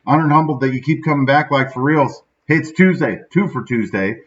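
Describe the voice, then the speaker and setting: A man's voice: mid-range voice, fairly quick, a bit bright, distant mic. A middle-aged man hosts his daily motivational talk in a sad, subdued mood. He speaks casually and reflectively, often checking in with "right?". The recording is slightly dull and picked up from a little way off the mic. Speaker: podcast host.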